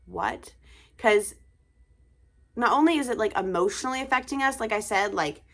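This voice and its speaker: A woman's voice: on the high side, brisk, a bit bright. A young woman, a tired mother of two, chatting casually to camera in a rambling way with many fillers and sighs.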